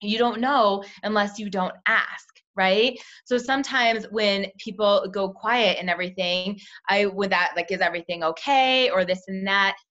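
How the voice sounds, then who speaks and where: A young woman, a team leader, coaching sales recruits in a chatty way, acting out quick bits of dialogue. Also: medium pitch, fairly bright tone. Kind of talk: coaching call talk. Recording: dull lo-fi call audio.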